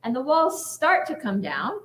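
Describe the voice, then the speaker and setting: A woman's voice: high-pitched, huge pitch swings, a little slow, reverberant. A woman rabbi giving a conversational sermon, often checking in with "right?". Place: synagogue sanctuary.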